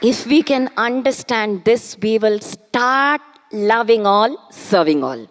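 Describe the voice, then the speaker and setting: Lady giving a spiritual talk, acts out little dialogues, chants slow verses, higher voice, echoey hall. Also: a faint crowd. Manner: animated, acts out questions and answers, chants Sanskrit verses slowly. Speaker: spiritual speaker. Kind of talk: devotional discourse. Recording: long hall reverb.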